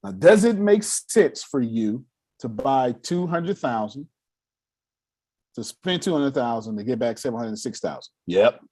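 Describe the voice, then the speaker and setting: A man leading a motivational meeting on money and cash flow, animated and laughing as he acts out quotes. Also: medium pitch, a little slow. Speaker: finance coach leading a meeting. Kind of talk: motivational talk.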